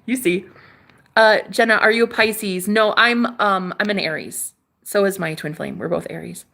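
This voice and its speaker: A woman's voice: mid-range voice, normal speed, creaky, a bit bright. A young woman hosting a spiritual livestream, chatting casually, reading out viewer comments with sass, swearing freely and laughing often.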